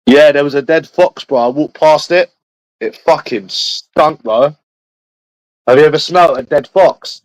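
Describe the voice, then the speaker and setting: A man's voice: on the high side, moderate pace, no room sound, rough recording. Foul-mouthed English man rambling on stream. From London, England. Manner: crude, swears constantly, addresses viewers by name. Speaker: livestreamer. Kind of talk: rambling casual livestream chat.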